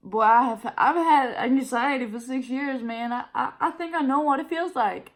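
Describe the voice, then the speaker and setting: A Danish woman in her twenties, a vlogger and native Danish speaker, vents casually to camera in a high-pitched voice at a moderate pace. She is blunt and profane, tired and nauseous, and quotes other people in raised voices.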